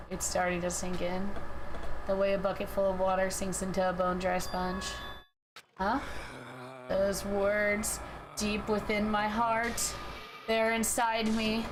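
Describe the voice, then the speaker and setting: A woman streamer reads the dialogue of a visual novel aloud, voicing each character's lines in her own everyday voice. The game's music plays clearly behind her. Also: mid-range voice, flat delivery, measured pace, poor audio. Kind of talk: reading game dialogue aloud. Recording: game music playing behind.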